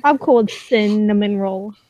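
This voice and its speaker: A woman's voice: mid-range voice, measured pace, dark tone, no echo. A woman co-hosting a casual stream chat, self-deprecating and stumbling over her words. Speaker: stream co-host.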